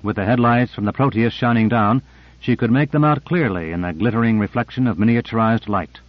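A man reads a novel aloud in a measured, even narrator's voice. The recording is dry and close, with a slightly dull, muffled tone. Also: lowish voice, no room sound. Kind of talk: audiobook narration.

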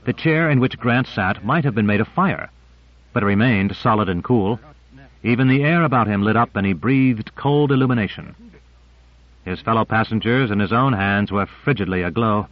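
A man's voice: fairly low pitch, moderate pace. Man narrating a novel, muffled sound. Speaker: audiobook narrator. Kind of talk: scripted narration. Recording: muffled lo-fi recording.

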